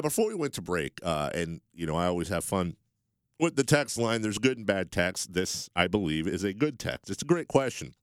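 A man's voice: low voice, clear, resonant tone, no echo, clean studio sound. A man hosting a sports radio show, telling stories and joking with his co-hosts. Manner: jokey, animated storyteller. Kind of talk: casual sports radio banter.

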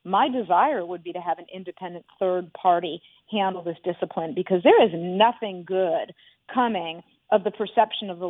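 A woman's voice: medium pitch, dry recording. A middle-aged woman speaking as a guest analyst on a radio talk show, emphatic and repeating words for stress. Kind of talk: radio show phone interview. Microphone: phone line into radio studio. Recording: tinny phone line.

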